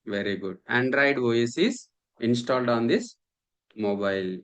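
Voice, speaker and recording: A man's voice: medium pitch, lively intonation, moderate pace, a bit bright. A man, lecturing a class, repeating points and often asking the students if they follow. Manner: repetitive, checks understanding often. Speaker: instructor.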